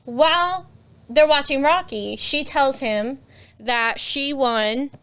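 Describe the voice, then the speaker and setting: A woman's voice: high-pitched, takes it slowly, a bit bright. A woman co-hosting a casual book podcast, recapping a novel's plot and acting out the characters' lines. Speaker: podcast co-host. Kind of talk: casual book club chat.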